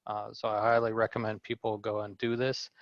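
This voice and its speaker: A man in the audience speaks up with a question, his voice low and flat, pausing on fillers. The audio is dull and dry, like a call. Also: no room sound. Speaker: attendee asking a question. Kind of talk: casual question and comment.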